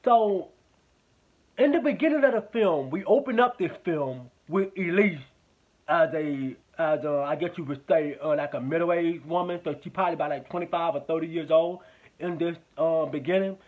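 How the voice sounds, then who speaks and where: A man's voice: fairly high pitch, moderate pace, narrow, tinny audio. A man giving a casual spoken movie review, rambling, swearing often and repeating himself.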